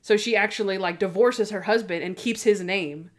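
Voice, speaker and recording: A young woman in casual chat, retelling TV episodes with quick acted-out lines. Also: medium pitch. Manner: chatty retelling of TV scenes, acting out lines.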